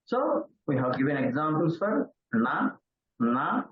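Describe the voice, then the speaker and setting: Slow, lively older Indian man lecturing. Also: fairly high pitch. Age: 60s. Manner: halting, with frequent pauses and fillers. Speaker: Sanskrit professor. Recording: roomy, dull lo-fi recording.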